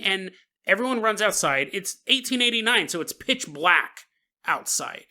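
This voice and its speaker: A man hosting a podcast tells a strange paranormal story comically, laughing often and joking straight to the listener. His voice sits high, though his pace stays measured.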